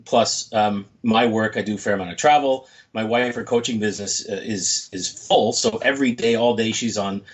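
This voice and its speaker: Brief: low-pitched man in his forties, upbeat storyteller, muffled stream sound. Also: moderate pace, few pauses. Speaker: motivational speaker. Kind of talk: casual interview chat.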